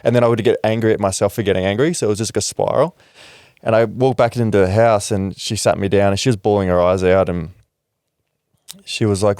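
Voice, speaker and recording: Young aussie guy on a podcast, low-ish voice, frank and reflective, swears casually, dead dry sound. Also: steady tone, fairly quick, darkish tone, clean tone, no echo. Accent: Australian. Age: young adult. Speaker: podcast guest, former rugby league player. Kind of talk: candid interview talk.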